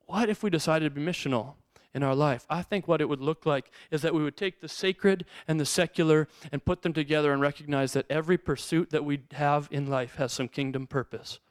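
A middle-aged male pastor giving a sermon with lively storytelling, acting out the people in his stories. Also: fairly high pitch, brisk, no room sound, studio quality. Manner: storytelling, acts out quotes in bursts.

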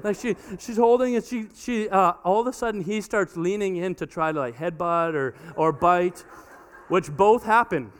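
A pastor in his thirties, with a notably high, smooth and clear voice, preaches a sermon to a congregation in a church hall. Speaking at a moderate pace, he tells the story animatedly, acting out dialogue and often repeating words as he restarts sentences.

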